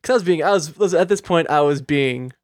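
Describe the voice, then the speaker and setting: A young man telling a story in casual chat, animated and acting out the quoted dialogue. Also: fairly high pitch, a little fast, no room sound, studio quality. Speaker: guest storyteller.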